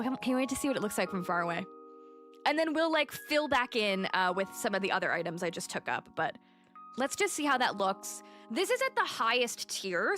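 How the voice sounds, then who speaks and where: A woman's voice: a little high, fairly bright tone. A woman livestreamer chatting casually and animatedly, telling a story while she plays and greets her chat.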